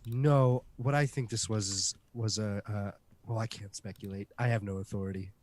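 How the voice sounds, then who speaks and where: A man's voice: fairly low pitch, fairly even intonation, moderate pace, a little mellow, close to an everyday voice. A nervous, pompous young medical examiner student, as a man plays him in a tabletop game. He hedges and stumbles through every sentence. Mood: flustered. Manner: flustered, hedging.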